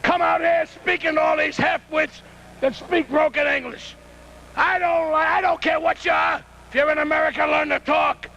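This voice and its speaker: Gravelly, very high-pitched boastful wrestling manager. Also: male voice, fairly even intonation, moderate pace, dull audio, a little hiss or hum. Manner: loud, boastful, taunts the interviewer. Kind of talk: wrestling promo.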